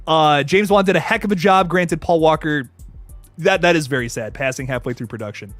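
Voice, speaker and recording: A man hosting a horror movie channel, chatting casually on a livestream, excitable and swearing often. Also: a little high, fairly quick, no room sound, soft background music. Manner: excitable and swearing, with frequent laughs. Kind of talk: casual livestream chat reading super chats.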